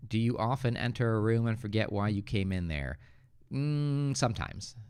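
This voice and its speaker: A man from the Northeastern United States with an American accent, relaxed and joking as he reads viewers' comments aloud and corrects them on a live English lesson, speaking into a good microphone. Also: on the low side, moderate pace, clean tone, no echo, studio quality. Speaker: English teacher hosting a livestream. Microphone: good studio microphone.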